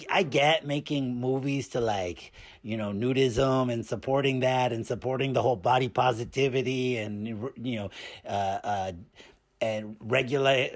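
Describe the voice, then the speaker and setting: In a natural, medium-pitched voice, a man performs a cheeky, randy male puppet movie reviewer. The puppet's comedic review rambles and stammers along, crammed with constant filler words.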